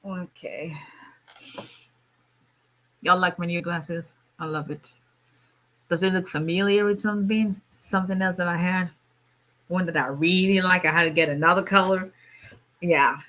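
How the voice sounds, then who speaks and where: A woman chats on a casual livestream, worn out but talkative, calling out viewers by name. Her voice sits fairly low yet sounds bright and forceful. She laughs often between her remarks. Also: moderate pace. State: tired. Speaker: immigration lawyer.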